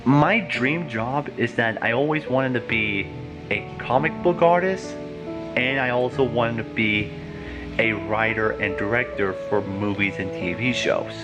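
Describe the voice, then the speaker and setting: A man's voice: mid-range voice, measured pace, over music. A young man talking to his channel's viewers, rambling and earnest, with a lot of fillers. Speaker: YouTuber. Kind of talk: casual vlog talk.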